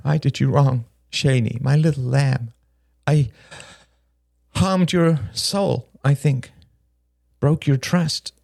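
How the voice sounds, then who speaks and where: A man reading an audiobook, voicing a jittery, brash young woman who rambles fast and sardonically. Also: mid-range voice, creaky, darkish tone, no room sound, clean studio sound. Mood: pleading. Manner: rapid, restless, sardonic rambling.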